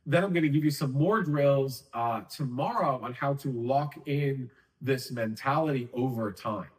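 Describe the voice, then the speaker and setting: A man's voice: medium pitch, unhurried, far from the mic, poor audio. A man giving a casual sales-training talk, conversational and emphatic with rambling asides.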